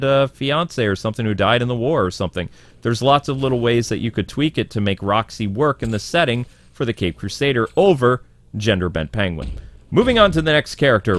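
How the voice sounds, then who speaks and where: A man's voice: lowish voice, no room sound. A man giving rambling, opinionated commentary with frequent fillers. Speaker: video commentator.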